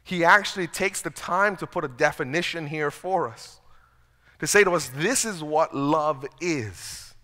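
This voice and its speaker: Slightly slow and on the high side, the pastor's voice comes out pushed and bright during his sermon. In a church sanctuary with long hall reverb, he talks casually, jokes at his own expense, and often repeats words when launching into a sentence.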